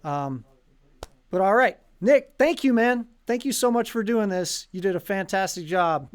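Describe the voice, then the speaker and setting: A man with a high, light voice hosts a casual live stream for a violin shop. He talks in a loose, joking way, with plenty of ums and likes. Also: expressive, unhurried, smooth. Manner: chatty, joking, lots of fillers.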